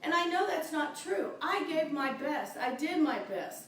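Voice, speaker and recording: A woman's voice: high voice, animated, a little slow, fairly bright tone, a little hiss or hum. A middle-aged woman minister giving a chatty, enthusiastic sermon, laughing often, recorded from a distance in a church sanctuary. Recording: very echoey, distant mic in a church.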